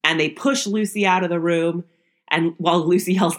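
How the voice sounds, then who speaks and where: A woman's voice: on the low side, steady tone, normal speed. A young woman hosting a podcast, recapping an old sitcom episode in a chatty way, laughing often. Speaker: podcast host.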